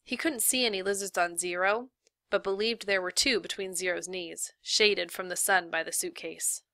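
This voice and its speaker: A woman reads a novel aloud in a steady, measured way. Her voice is bright and close, with a dry sound. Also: lowish voice, gravelly, no echo. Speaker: reader.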